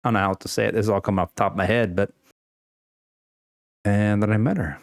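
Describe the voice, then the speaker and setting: A man's voice: on the low side, steady tone, fast, dry recording, clean studio sound. A young man ranting casually to the camera at home, rambling with many fillers and restarts and swearing freely. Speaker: vlogger. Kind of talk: unscripted personal rant.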